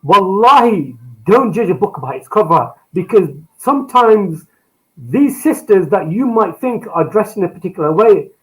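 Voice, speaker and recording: A man's voice: high voice, lively intonation, normal speed, poor audio. A man on a panel sharing his experience in an earnest, informal way. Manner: earnest, informal, uses "like" often. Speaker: panel guest. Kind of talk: casual panel chat.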